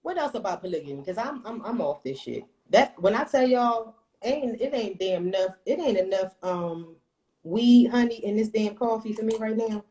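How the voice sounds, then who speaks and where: A woman in her thirties telling a personal story on a casual livestream, blunt and profane, with animated storytelling. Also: mid-range voice, normal speed, low-quality recording. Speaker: livestream host.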